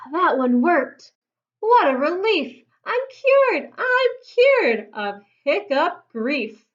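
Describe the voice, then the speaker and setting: A woman's voice: very high-pitched, big pitch swings, extremely slow, dull audio, pitched above the performer's own voice, heavily acted. A woman voicing a fussy father bear who hiccups through his rhyming lines, for a storybook read-aloud. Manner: hiccups in sing-song rhyme.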